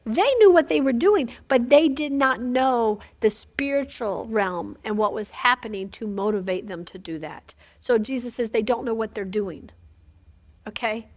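A woman's voice: on the high side, lively intonation, measured pace. A woman teaching a women's Bible study in an informal sermon, chatty, laughing often and asking "Amen?" of her listeners.

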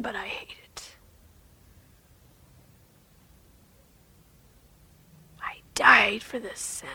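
A woman voicing the Lord as a gentle, sorrowful male figure in whispered role-play, speaking slowly with pleading repetitions. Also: sits high, voice pushed up. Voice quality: soft breathy whisper. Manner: slow, tender, pleading repetitions.

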